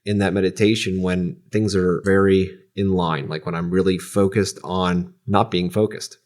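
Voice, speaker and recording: Podcast host, a man with a deep, low voice, calm and reflective in relaxed conversation. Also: normal speed. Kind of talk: casual podcast chat.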